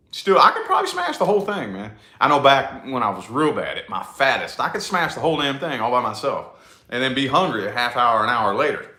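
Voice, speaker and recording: A man, chatting casually and profanely to a live audience with a rambling, drawn-out delivery. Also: medium pitch, bright, forceful tone. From New Albany, Indiana, USA. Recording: echoey room.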